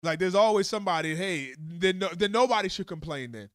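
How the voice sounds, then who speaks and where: A man with a high voice rants on his live stream, swearing bluntly and heatedly. the sound is dry and close, with no room echo at all. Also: animated, a little fast, a bit bright. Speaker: livestream host. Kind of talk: profane live commentary rant.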